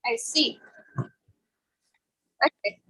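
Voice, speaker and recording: A woman's voice: extremely slow, bright, forceful tone, no echo, poor audio. A woman on a team call, sounding unsure and laughing nervously as she talks about her stock. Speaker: team member. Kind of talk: casual chat.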